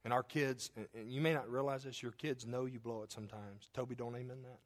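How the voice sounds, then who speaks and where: A man's voice: mid-range voice, steady tone, fast. Middle-aged male pastor, emphatic sermon delivery, stacked rhetorical questions.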